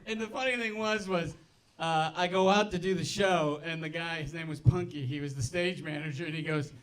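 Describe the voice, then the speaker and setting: A man's voice: on the high side, fairly even intonation, brisk, fairly bright tone. A man doing stand-up, telling rambling stories with restarts and asides in front of a live audience. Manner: rambling, self-interrupting with restarts and laughs. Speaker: stand-up comedian. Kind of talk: stand-up storytelling. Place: live venue with laughing audience.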